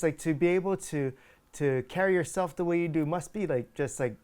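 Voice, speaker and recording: A man's voice: on the high side, fairly quick, darkish tone, smooth. A man hosting a casual interview, asking thoughtful questions with a loose, filler-heavy way of talking. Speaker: podcast host.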